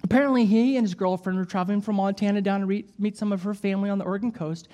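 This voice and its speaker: A man preaching as an evangelist, telling stories with jokes and an animated, lively delivery. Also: high-pitched, racing. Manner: animated storytelling with jokes and laughs. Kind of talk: sermon.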